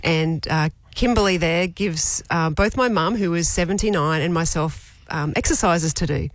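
A woman's voice: lowish voice, moderate pace, no echo. An Australian woman in her forties, co-hosting a casual chat and telling personal stories candidly, with laughs in between. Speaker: co-host.

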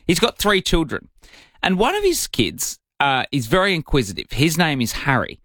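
A man's voice: moderate pace, no echo. A man co-hosting morning radio, his voice leaping up and down as he spins a yarn. The sound is dry and close, with no room around it. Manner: animated storyteller with big pitch swings. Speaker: radio co-host. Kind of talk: breakfast radio banter.

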